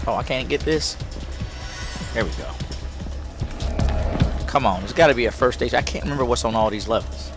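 A man doing excitable, trash-talking commentary on the game he is playing. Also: medium pitch, normal speed, pauses often. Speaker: let's play gamer. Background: game music.

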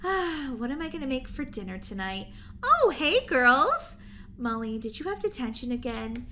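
A woman voicing a calm, practical middle-aged mother who speaks in a steady, lower, softer way. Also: moderate pace, slight background noise, full character voice.

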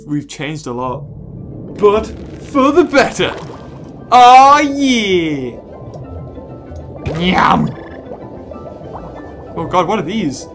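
A gaming host giving excitable let's play commentary, full of squealing exclamations. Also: mid-range voice. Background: game music.

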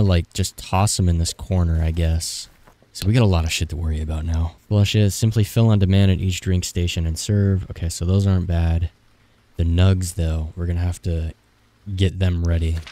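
Deep-voiced young man, frantic gameplay commentary. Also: fairly even intonation, normal speed, mellow. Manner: frantic, swearing, joking to himself. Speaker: gaming streamer.

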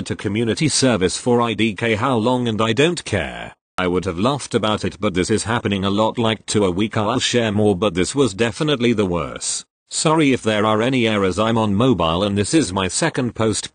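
Dry, lively-voiced man reading posts. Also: fairly low pitch, brisk, few pauses, no room sound. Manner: reads abbreviations out letter by letter. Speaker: reader of online posts. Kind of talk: reading forum posts aloud.

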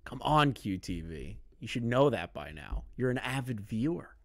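A male commentary host who reacts bluntly, swearing freely and mocking what he watches. His voice sits at an ordinary middle pitch. The sound is dry, with no room echo. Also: sing-song, normal speed, creaky.

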